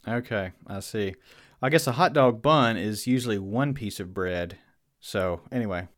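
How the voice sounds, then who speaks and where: A man's voice: lowish voice, normal speed. A man from Virginia with a Southern accent, a guest in a casual podcast conversation who talks thoughtfully and often restarts his phrases. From Virginia, USA.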